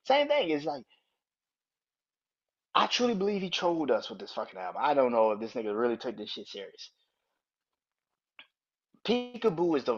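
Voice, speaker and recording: A man hosting a casual podcast, talking bluntly and profanely and breaking into loud, incredulous rants. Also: medium pitch, wildly swooping pitch, moderate pace, long pauses, muffled recording. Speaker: podcast host.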